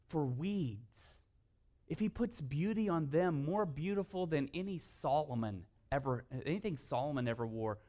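A man preaching a sermon as pastor, telling humorous stories and swinging from hushed, earnest moments to loud, lively bursts. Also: a little high.

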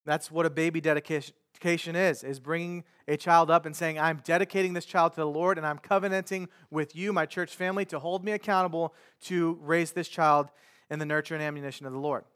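Male pastor, higher voice, casual conversational sermon delivery. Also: steady tone, fairly quick, fairly bright tone, clean tone. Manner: conversational preaching with paraphrased quotes.

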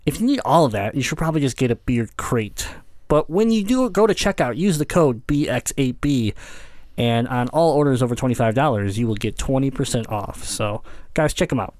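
A man hosting a casual retro gaming podcast, laughing often and reading ads briskly. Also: mid-range voice, expressive, darkish tone, dry recording. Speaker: podcast host.

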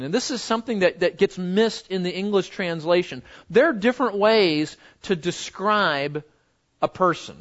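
A man teaches a Bible lesson conversationally, often repeating words and slowing to stress key phrases. His voice is high-pitched and a bit bright, and the sound is lo-fi.

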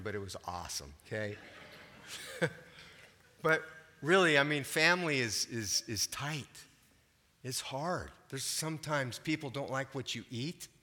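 A man's voice: medium pitch, sharp tone, big-room sound. An older man preaching a sermon as pastor, talking conversationally and often asking the congregation questions.

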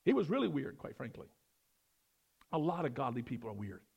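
A middle-aged man preaching a verse-by-verse sermon, swinging from loud emphatic lines to quiet, dropped asides. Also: mid-range voice, sing-song, fairly quick, vocal fry, breathy edge, dull audio. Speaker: pastor.

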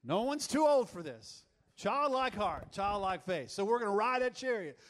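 A worship leader with a high-sitting, slightly bright voice teaches a church congregation a song, his pitch swinging widely at a normal pace. He keeps the room lively with upbeat, coaxing, teasing remarks in front of the audience.

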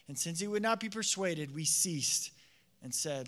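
A male pastor preaching a sermon in an animated, conversational way, acting out the voices he quotes. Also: a little high, normal speed. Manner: animated, acts out quoted voices, many fillers.

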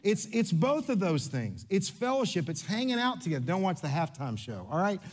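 A pastor, a man whose voice sits notably high, preaches with lively, playful energy. He jokes, repeats himself to make a point, and speaks straight to the congregation. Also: fairly quick. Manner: animated, playful, coaching volunteers on stage. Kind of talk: sermon.

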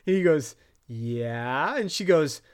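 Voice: medium pitch, animated, unhurried. A podcast co-host in a casual chat, recapping a TV episode, laughing often and quoting the characters' lines. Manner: giggly, retells scenes by quoting characters.

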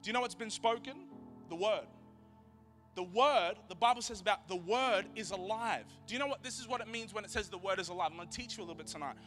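High, bright-voiced young man preaching. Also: fast talker, soft background music. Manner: energetic, conversational, repeats key lines for emphasis. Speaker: youth pastor. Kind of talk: youth sermon.

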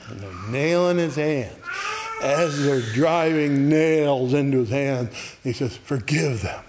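A man teaching an adult Bible class, who builds to loud, repeated exclamations and chuckles between points. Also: mid-range voice, slow pace, a little hiss or hum.

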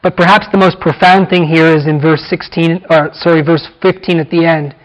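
A man preaching an expository sermon, repeating key words and slowing down for emphasis. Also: on the high side, fairly even intonation, low-quality recording. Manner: emphatic, repeats phrases, slows down for weight.

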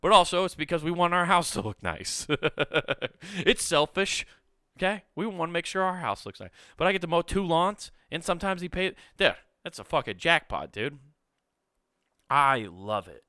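A man's voice: fairly high pitch, lively intonation, normal speed, pushed and bright, no echo, studio quality. A man hosting a podcast, rambling enthusiastically in casual chat with lots of swearing. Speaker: podcast host.

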